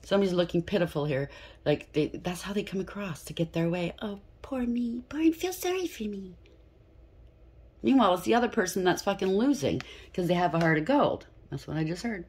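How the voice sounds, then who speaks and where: A woman's voice: lowish voice, fast talker, a little mellow, breathy edge. A woman giving a casual tarot reading, blunt and profane, with emphatic repetition. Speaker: tarot reader.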